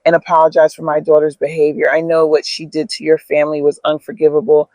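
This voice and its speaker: A man's voice: on the high side, completely flat delivery, fast, darkish tone, dry recording, close to an everyday voice, low-quality recording. A man voicing an older woman with a slight Southern accent, a mother speaking soberly and apologetically. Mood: remorseful. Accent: slight Southern American.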